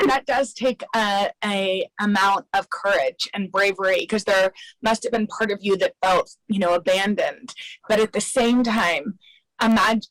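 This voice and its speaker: A woman's voice: medium pitch, a bit bright, dry recording, low-quality recording. A woman hosting a TV interview, asking empathetic questions. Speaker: TV host.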